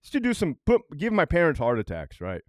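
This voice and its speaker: A man's voice: on the high side, brisk, no echo, studio quality. A middle-aged man, a former correctional officer, telling prison stories in a profane, worked-up way and keeps asking "right?". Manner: animated and worked up. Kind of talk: storytime commentary.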